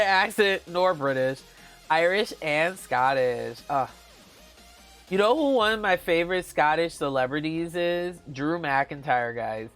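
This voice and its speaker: On a live stream, a book vlogger chats casually in a voice that's a little high with a fairly bright tone. He gushes and giggles, makes playful exclamations, and frequently calls his viewers "guys."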